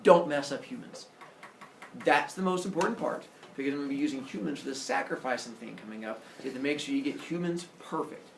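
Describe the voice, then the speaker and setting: A man voicing a blunt, bossy king of the gods who makes threats in a casual deadpan, in an echoey classroom. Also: mid-range voice, fast, gravelly, far from the mic, a little hiss or hum, natural voice.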